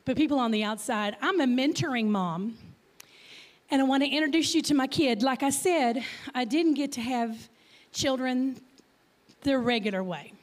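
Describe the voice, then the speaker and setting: At normal speed and with a high-pitched voice, a fifty-something Texan woman gives a relaxed guest talk in church. She stutters slightly and frequently asks the crowd questions.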